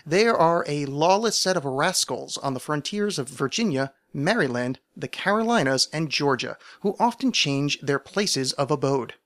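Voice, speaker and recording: A man voicing a prim 18th-century gentleman writing a letter, in a high, affected, slow and mannered way. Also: expressive, close to an everyday voice. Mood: haughty.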